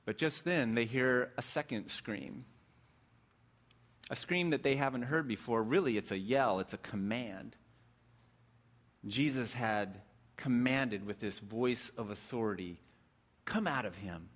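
A man preaching a sermon, retelling a story vividly, swinging between excited bursts and hushed, reflective passages. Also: medium pitch, a little slow, pauses often.

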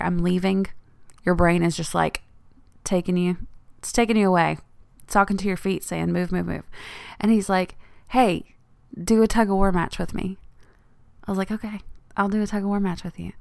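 A woman's voice: medium pitch, vocal fry, clear, resonant tone, dry recording, clean studio sound. A woman hosting her own podcast, talking in a chatty, rambling way and laughing often. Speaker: podcast host. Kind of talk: casual solo podcast monologue.

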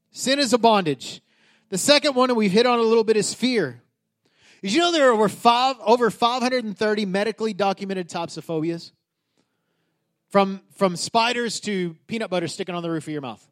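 A man's voice: high voice, fairly bright tone. A man in his thirties, a pastor preaching a sermon in a casual, emphatic way, often restarting his sentences.

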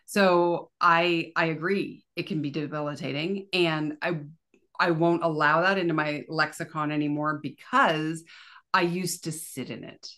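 Lower-voiced chatty Canadian woman. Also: a little slow. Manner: animated, chatty, lots of fillers like "like". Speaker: podcast guest. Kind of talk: casual conversational interview.

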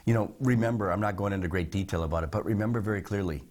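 A middle-aged pastor preaches with a very low, deep voice. He is earnest and emphatic, slowing down to stress key phrases as he tells personal stories to his church. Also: darkish tone. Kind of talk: sermon.

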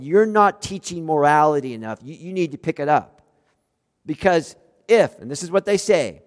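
A man preaching a sermon as pastor, animated, swinging between loud emphatic outbursts and quiet, low-voiced asides. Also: big-room sound.

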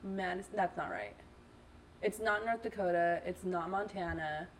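A woman playing along as a quiz contestant, laughing often and thinking her answers out loud. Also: on the low side, animated, moderate pace, slight background noise. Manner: giggly, thinks aloud, mutters to herself. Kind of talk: playful quiz game with a friend.

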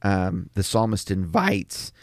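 A man with a low, gravelly voice talks reflectively in a Bible discussion. He affirms his co-host and paints the scene in vivid terms. The sound is dry and close. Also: sing-song, slow pace, dry recording. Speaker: Bible study podcast co-host.

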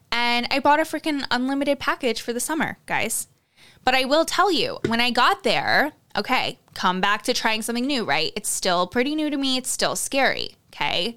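Smooth-voiced woman podcaster, chatty and candid. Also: fairly high pitch, a bit bright. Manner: chatty, candid, swears freely, many "like" fillers; confiding, addresses listeners directly. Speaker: podcast host. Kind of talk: casual solo podcast storytelling.

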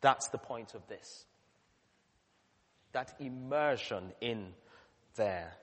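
A man, a pastor, delivering a sermon with earnest emphasis that swells to loud peaks. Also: mid-range voice, lively intonation, takes it slowly, long pauses. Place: church. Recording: long church reverb.

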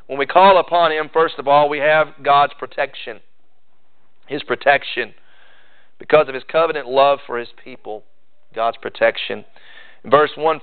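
A man preaching a sermon with earnest, measured delivery and slow, emphatic pauses. His voice sits a little high and comes across smooth and resonant. The sound is thin and tinny, like it came over a phone line. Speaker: pastor.

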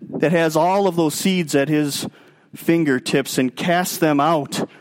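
Emphatic preacher, slightly high voice. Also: male voice, steady tone, slow pace. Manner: emphatic, swinging between raised and hushed delivery. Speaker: pastor. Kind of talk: sermon.

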